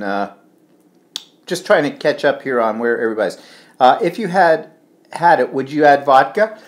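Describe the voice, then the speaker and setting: A man's voice: medium pitch, slight background noise. A middle-aged man co-hosting a casual live stream, rambling as he reads viewer comments and trips over place names. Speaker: livestream co-host.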